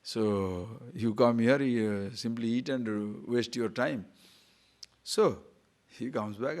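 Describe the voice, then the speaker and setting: An older man gives a spiritual teaching talk, telling stories in an animated way and laughing often. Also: mid-range voice, slow pace. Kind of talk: scripture talk.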